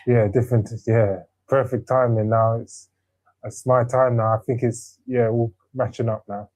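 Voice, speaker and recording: A man, a boxer, answering interview questions in short, low-key replies. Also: level tone, normal speed, darkish tone, low-quality recording. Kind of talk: pre-fight interview.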